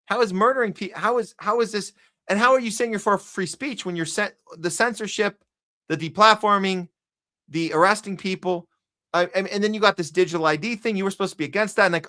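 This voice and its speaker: Ranting podcast host, bright edgy voice. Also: male voice, sits high, a little fast. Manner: ranting, sarcastic, heated; talks to a chat audience. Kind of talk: live news commentary podcast.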